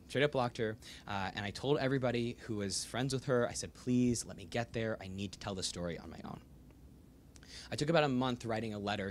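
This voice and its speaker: Animated young man telling a story. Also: lowish voice, a little hiss or hum. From United States. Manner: lively, animated storytelling with laughs. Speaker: author giving a book talk. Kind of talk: storytelling talk to a live audience. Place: bookstore event room.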